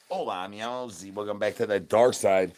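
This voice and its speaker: A man doing a low, rambling starving zombie. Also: darkish tone, a little hiss or hum, natural voice. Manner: rambling, crude slang, repeats begging catchphrases. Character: starving crude male zombie streamer begging chat for brains. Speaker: livestream entertainer. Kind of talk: in-character livestream comedy.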